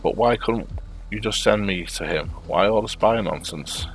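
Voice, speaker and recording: A stubborn young fighter from a video game who demands answers, read out by a man in his own low voice. The reading is plain and unacted. Faint music sits under it. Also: normal speed, natural voice. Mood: demanding.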